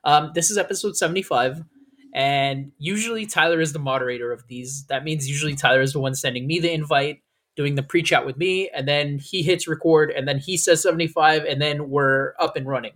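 A man co-hosting a casual podcast, talking fast, swearing and laughing often. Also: on the high side, fairly even intonation, fairly bright tone. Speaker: podcast co-host.

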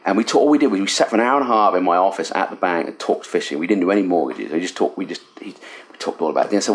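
A middle-aged English man, a fly casting instructor, telling an animated, self-deprecating story in a casual interview in a cabin. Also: low voice, rapid-fire. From England. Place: riverside cabin.

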